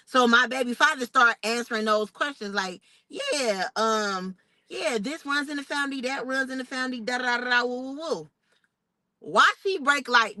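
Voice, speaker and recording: A young woman, telling a personal story in a casual vlog, animated and expressive. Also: medium pitch, no room sound, poor audio. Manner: animated, expressive retelling with outraged quoted asides. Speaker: vlogger.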